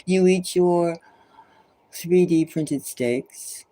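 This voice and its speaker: A woman's voice: fairly low pitch, very slow, warm tone, low-quality recording. A woman tarot reader giving an impassioned, preachy monologue full of urgent repeated exhortations, sometimes dropping to a whisper.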